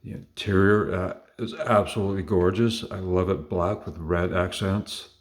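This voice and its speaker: A man's voice: low-pitched, steady tone, normal speed. A man casually showing off his collection, enthusiastic and rambling, with lots of fillers and little self-corrections. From Canada. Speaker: collector showing model cars. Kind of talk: casual show-and-tell.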